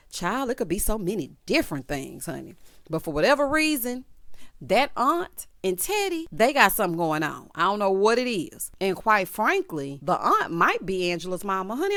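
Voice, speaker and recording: A woman casually recapping a TV episode, sassy and animated, acting out the characters' lines. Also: mid-range voice, no echo. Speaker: recap vlogger.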